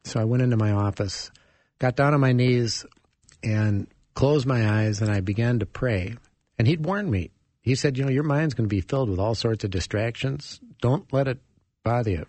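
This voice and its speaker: Husky man telling a lively story. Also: medium pitch, moderate pace, no room sound. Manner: animated storyteller acting out dialogue, chuckling. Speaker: author and guest. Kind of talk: storytelling interview answer.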